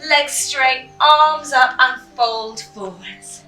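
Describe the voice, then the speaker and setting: A woman leading a children's yoga class through a story, giving gentle, slow, clear instructions. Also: high voice. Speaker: kids yoga teacher. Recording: echoey room, mic at a distance, faint music.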